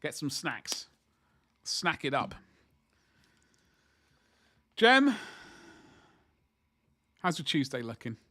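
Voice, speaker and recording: A man's voice: mid-range voice, a little slow, pushed and bright, breathy edge. Chatty man streaming while painting. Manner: rambling, chatty, joking asides to viewers. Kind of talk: casual livestream chat.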